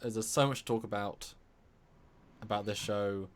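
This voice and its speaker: A man with a low voice co-hosts a casual live-stream chat. He rambles, doubling back and repeating words while he works out his point. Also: fairly even intonation, normal speed. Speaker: co-host.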